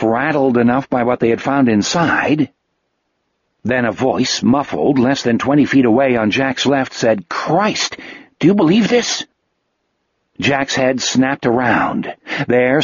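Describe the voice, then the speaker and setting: A man reading a novel aloud as narrator, in a measured, steady storytelling manner. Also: mid-range voice, husky, no room sound. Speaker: audiobook narrator. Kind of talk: scripted narration. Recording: dull, dry lo-fi audio.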